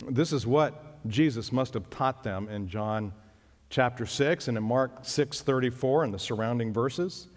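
A man preaching a sermon as pastor, emphatic and leaping up in pitch on key phrases. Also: measured pace. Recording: long reverb of a hall.

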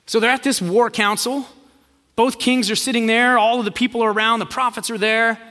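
A man's voice: extremely high pitch, steady tone, fairly quick, bright, forceful tone. A man preaching a sermon, telling a story and acting out the quoted lines in a casual voice. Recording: long hall reverb.

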